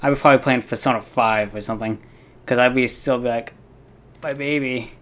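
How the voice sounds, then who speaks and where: A man's voice: medium pitch, steady tone, quick pace, a bit bright. A young man streaming a game, rambling through a personal story with plenty of fillers and swearing. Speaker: gaming streamer. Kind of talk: casual storytelling while playing a game.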